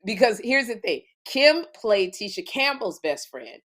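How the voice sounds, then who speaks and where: A woman's voice: medium pitch, very animated, measured pace, fairly bright tone. A woman co-hosting a comedy talk show, telling a funny story and acting out scenes in exaggerated voices. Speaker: podcast co-host.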